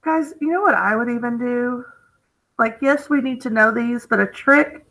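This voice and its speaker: Chatty high-voiced teacher woman. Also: normal speed, fairly bright tone, low-quality recording. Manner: chatty, encouraging, repeats "okay?" to check in. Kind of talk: recorded phonics lesson.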